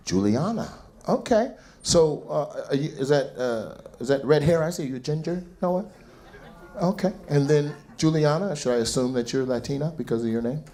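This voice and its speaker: A man doing stand-up crowd work on a club stage, loud and mocking, swearing freely. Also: a little high. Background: laughing audience.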